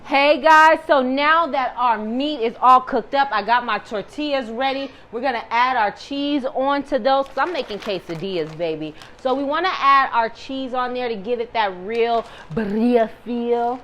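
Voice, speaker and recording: A woman's voice: fairly high pitch, moderate pace, few pauses, fairly bright tone, echoey room, recorded from a distance, slight background noise, low-quality recording. A woman hosting a casual home cooking video, chatty and reassuring, calling the viewer baby. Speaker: cooking vlog host. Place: home kitchen.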